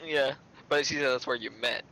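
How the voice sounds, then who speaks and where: A man's voice: mid-range voice, steady tone, a little fast, bright, forceful tone, poor audio. A man playing in a casual tabletop game with friends, joking and laughing a lot. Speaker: player.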